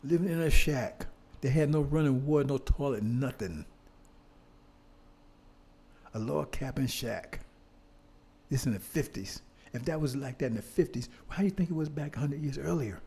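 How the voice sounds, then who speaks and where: An older man's warm, medium-pitched voice moves at a normal speed through a fiery history lecture in street style. Rhetorical questions come over and over, punctuated by occasional swearing.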